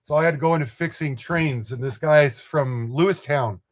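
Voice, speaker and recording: A man's voice: on the high side, normal speed. An older man from Montana hosting a live model train stream, chatting in a rambling, folksy way and chuckling as he reads viewer comments. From Montana, USA.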